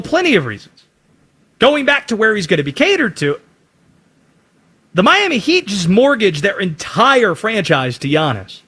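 A man's voice: sits high, sharp tone. A man giving an emphatic sports opinion monologue, punchy and full of rhetorical questions. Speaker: sports commentator.

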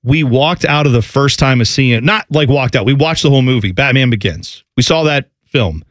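A middle-aged man co-hosting a casual chat, rambling and animated as he tells stories. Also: mid-range voice, a little fast, no echo, studio quality. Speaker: podcast co-host.

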